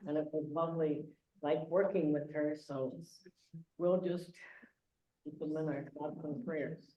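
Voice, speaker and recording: Meeting chair, halting and soft, echoey muffled room sound. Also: medium pitch, steady tone. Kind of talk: casual meeting talk.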